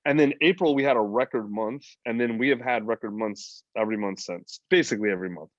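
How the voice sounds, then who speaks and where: A man's voice: lowish voice, fast talker, dry recording. A man, a podcast guest talking casually, blunt and profane, rambling with lots of fillers. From United States. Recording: slightly dull, dry lo-fi audio.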